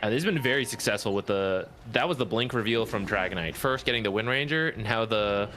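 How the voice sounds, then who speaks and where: A man giving relaxed live commentary on an esports match, chuckling now and then as he breaks down the plays. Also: on the low side, brisk, a little hiss or hum. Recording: music bed behind the voice.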